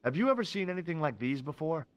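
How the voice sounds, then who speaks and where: A dry, cool-headed investigator in a video game. He speaks with sardonic wit, and his pitch moves in lively rises and falls. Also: fast.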